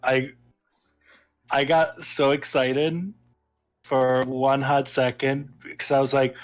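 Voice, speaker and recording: A man's voice: mid-range voice, little pitch movement, takes it slowly, pauses often. A man chatting casually with a friend while streaming a game, laughing often and poking fun at himself.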